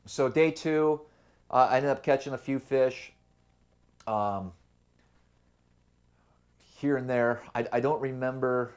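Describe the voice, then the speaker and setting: A man's voice: mid-range voice, slow, long pauses. A young adult man hosting his own fishing channel, telling his tournament story in a loose, rambling way. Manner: rambling, relaxed storytelling with fillers. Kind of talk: casual vlog talk to camera.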